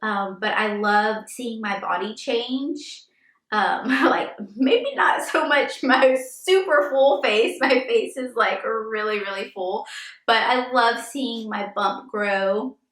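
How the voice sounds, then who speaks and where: A woman's voice: on the high side, slow pace, a bit bright. A woman in her thirties, a first-time mom, answering viewer questions in a chatty vlog, filling her talk with frequent "like"s. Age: 30s. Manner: chatty, filler-heavy with frequent "like". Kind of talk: casual Q&A vlog. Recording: echoey room.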